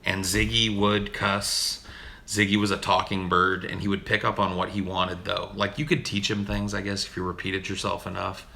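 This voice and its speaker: Gravelly deep-voiced man, casual and profane. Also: flat delivery, moderate pace, pushed and bright. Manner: laid-back, profane, says dude a lot. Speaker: streamer answering chat. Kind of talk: casual chat. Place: home recording room.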